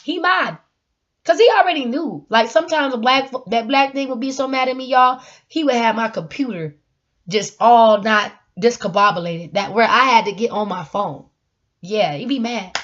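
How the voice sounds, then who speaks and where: A woman vlogger talking casually to her viewers about faith, animated and laughing, sometimes breaking into song. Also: fairly high pitch, normal speed, muffled recording. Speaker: vlogger giving spiritual encouragement. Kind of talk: casual faith talk to camera.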